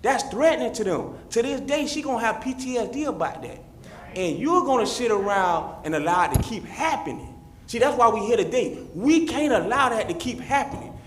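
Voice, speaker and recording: A man's voice: extremely high pitch, lively intonation, brisk, slight background noise. A man giving a fervent, repetitive public comment that speaks straight to the officials. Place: city meeting chamber. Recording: roomy echoey chamber.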